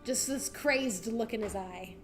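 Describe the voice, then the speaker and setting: A woman narrating a tabletop game as game master, relaxed and full of fillers. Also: fairly high pitch, unhurried, faint music behind.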